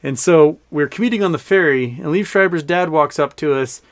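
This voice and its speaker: A man's voice: fairly high pitch, a little fast, hardly any pauses. A middle-aged man hosting a casual live stream from home, rambling and reading chat aloud with frequent laughs. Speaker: livestream host.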